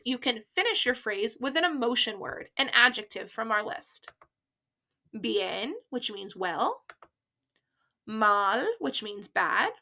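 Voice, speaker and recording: Bright, high-voiced woman teaching Spanish. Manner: patient, careful, models words for repeating. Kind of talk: slow, clear language lesson with repeat-after-me drills.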